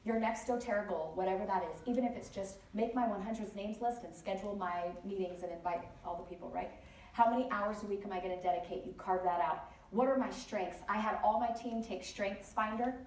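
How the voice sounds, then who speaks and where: A woman speaker giving a lively motivational talk at a conference, telling stories with many chatty asides. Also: medium pitch, fairly quick. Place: large conference hall. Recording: echoey hall, distant mic, faint noise.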